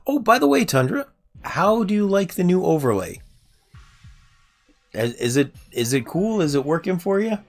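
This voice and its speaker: His voice high-pitched and gravelly with big pitch swings, a young man chats casually at normal speed while streaming a game, asking viewers for feedback. He leaves long pauses, and faint game music plays underneath.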